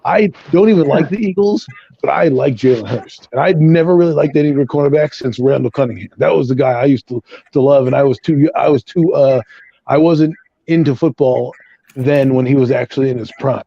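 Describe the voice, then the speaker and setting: Gravelly, profane man ranting about football. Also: mid-range voice, fairly quick, dry recording, highs cut off. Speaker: guest, Giants fan. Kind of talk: heated sports rant.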